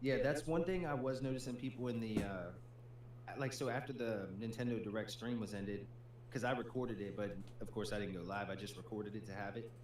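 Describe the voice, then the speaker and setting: A fairly low-voiced man on a home streaming setup, talking in a loose, easygoing way with lots of "dude" and "man". The room has an echo, and a faint hum sits under his voice. He sounds like a gaming co-host chatting through his reactions. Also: fairly quick, a little mellow. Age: adult with a young child. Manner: laid-back, peppered with "dude" and "man". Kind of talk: casual livestream chat.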